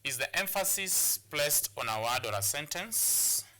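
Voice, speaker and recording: Bright-voiced Kenyan man teaching. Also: a little high, expressive, unhurried. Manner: repetitive, hesitant with many fillers. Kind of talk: televised classroom lesson.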